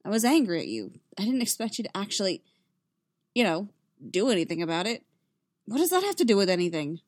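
A woman voicing an anxious, shaken young man who speaks in halting restarts. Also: big pitch swings, dry recording, clean studio sound, lightly acted. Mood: defensive. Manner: higher and louder, halting restarts.

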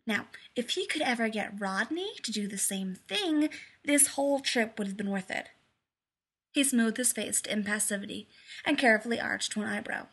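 A woman narrating a fan fiction story aloud in a lively, amused way. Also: fairly high pitch, breathy edge.

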